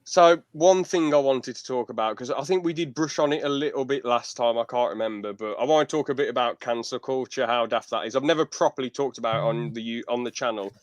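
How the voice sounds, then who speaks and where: Male podcast host, clear voice, close and dry, rambly casual chat over a call. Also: mid-range voice, a little fast, few pauses, no room sound. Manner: rambling, stops to correct himself. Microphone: video call.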